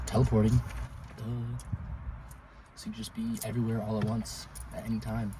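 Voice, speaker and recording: Offhand teenage boy, lowish voice. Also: completely flat delivery, normal speed. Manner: short, offhand answers. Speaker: podcast guest. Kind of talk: casual interview answers. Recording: noisy recording.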